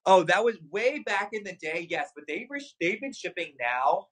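A man hosting a live shopping stream with a bright, forward voice pitched a little high. He talks fast and excitably, hyping each product and calling out to his viewers. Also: husky, low-quality recording. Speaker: livestream shopping host. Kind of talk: live sales stream chat.

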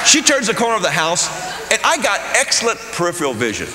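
A man doing stand-up storytelling, animated and acting out voices, recorded in an echoey hall with an audience. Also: high-pitched, fast talker, background noise. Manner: animated, acts out voices and screams. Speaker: comedian. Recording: echoey hall with live crowd. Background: audience laughter.

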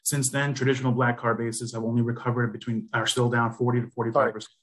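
A man reading prepared testimony as a spokesman for an advocacy group, brisk and businesslike, at a remote hearing over a video call. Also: mid-range voice, flat delivery, a bit bright.

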